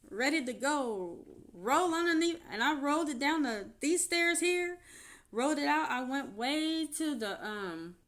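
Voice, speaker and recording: A woman with a fairly high voice recounts her own life to the camera in an unscripted vlog. She rambles, trails off and restarts her sentences as she tells the story. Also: fairly bright tone. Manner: rambling, emotional retelling with frequent restarts. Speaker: vlogger.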